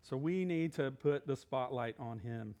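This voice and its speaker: A man's voice: mid-range voice, unhurried, darkish tone. A middle-aged male pastor giving a casual, conversational sermon with asides and Bible readings.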